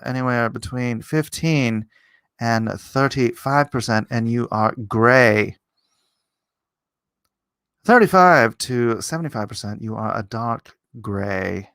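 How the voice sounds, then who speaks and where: A middle-aged man holds forth in a loose, rambling livestream monologue. His pitch sits mid-range and leaps upward when he turns indignant. The sound is close and dry, with little room around it. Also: fairly bright tone, smooth, dry recording. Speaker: livestream host. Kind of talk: casual opinion monologue.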